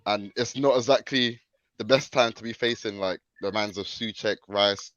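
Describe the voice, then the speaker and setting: A man's voice: lowish voice, moderate pace, a bit bright, dry recording, lo-fi sound. A man joining a football podcast over a video call, speaking confidently in defence of his team. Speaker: guest podcast panelist. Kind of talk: casual banter.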